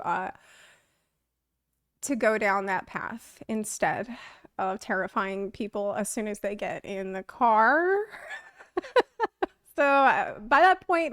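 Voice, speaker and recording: A woman streamer telling a story casually on a stream into a close mic, animated, laughing often and acting out the quotes. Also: a little high, smooth, no echo.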